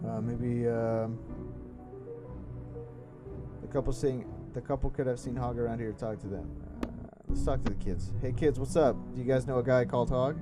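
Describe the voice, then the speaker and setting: A young man playing a story game, casually commenting and reading dialogue aloud, often halting. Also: medium pitch, over music. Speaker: gaming YouTuber.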